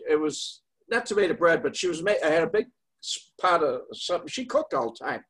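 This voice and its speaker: An older man with a husky, fairly high voice tells a story to his host in a loose, rambling way. He pauses often and fills the gaps with fillers. The telling is casual and unhurried. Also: big pitch swings, a bit bright. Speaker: guest.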